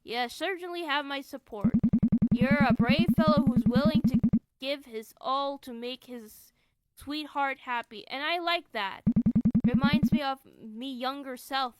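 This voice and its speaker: A woman voicing a gruff, folksy, kindly middle-aged father who talks in a rough, plain way. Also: very high-pitched, measured pace, slight background noise, poor audio.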